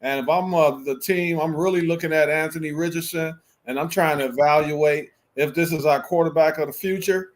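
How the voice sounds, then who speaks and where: A man with a slightly high voice co-hosts a sports talk show, talking fairly quickly with hardly any pauses. He argues his football picks emphatically and conversationally in a casual sports debate.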